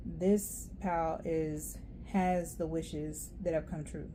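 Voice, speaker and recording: A woman giving a casual, rambling tarot reading, chatty and quick to laugh. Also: sits low, fairly even intonation, background noise. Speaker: tarot reader.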